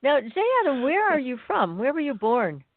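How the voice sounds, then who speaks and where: A woman hosting a radio interview, reacting with quick agreement and asking her guest questions. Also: high-pitched, very animated, background noise. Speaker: radio show host. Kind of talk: casual phone interview. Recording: dry tinny phone line.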